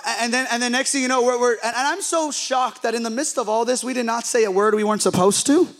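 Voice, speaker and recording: A young adult man, a pastor, telling a funny story in a sermon with lively acted-out quotes. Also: extremely high pitch, quick pace.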